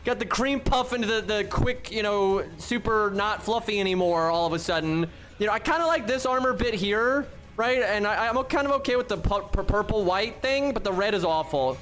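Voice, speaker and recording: A man's voice: high-pitched, moderate pace, hardly any pauses, a bit bright. A man streaming live, giving blunt, exasperated and profane commentary while talking to his chat. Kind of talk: casual livestream commentary.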